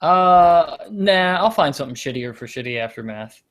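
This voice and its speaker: A man's voice: fairly high pitch, expressive, moderate pace. Rambling joking man hosting a show. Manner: rambling, self-deprecating, loses his point. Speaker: podcast host. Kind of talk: casual comedic banter.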